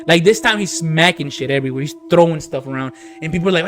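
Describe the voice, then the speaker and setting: A man's voice: a little high, fast, a bit bright. A man co-hosting a podcast, telling a story in rambling casual chat, laughing often and swearing freely. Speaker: podcast co-host.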